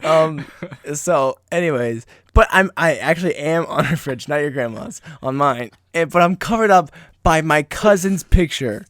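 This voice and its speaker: A man's voice: on the high side, expressive, moderate pace, a bit bright, no echo. Young male co-host, loose and jokey, breaks into laughter and silly voices; dry, close mic. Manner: laughs often, goofy voices. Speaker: podcast co-host. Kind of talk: casual chat.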